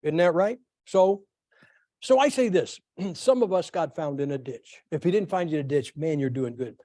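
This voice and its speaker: A man's voice: fairly high pitch, normal speed, no room sound. Folksy preacher man, dry close mic. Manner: folksy, animated storytelling with asides to the congregation. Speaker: pastor. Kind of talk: sermon with storytelling.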